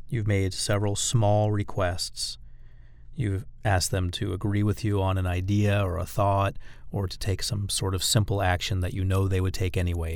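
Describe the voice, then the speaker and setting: A man's voice: low voice, dry recording, clean studio sound. A man giving an instructional talk on dating persuasion, speaking directly to the listener and acting out example phrases. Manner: demonstrates phrases by acting them out; direct, coaching address to the listener.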